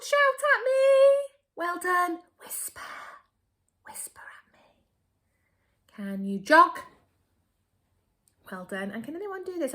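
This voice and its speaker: An English woman teaching a remote phonics lesson to young children, upbeat and slow, stretching key words. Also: medium pitch, fairly bright tone. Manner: upbeat, slow and exaggerated for children, my turn your turn. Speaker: primary school teacher.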